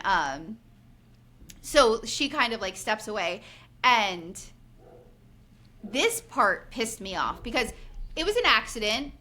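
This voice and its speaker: Animated woman, bright lively voice. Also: on the high side. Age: 40s. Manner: animated, acts out quotes, many "like" fillers. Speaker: podcast co-host. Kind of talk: casual recap chat.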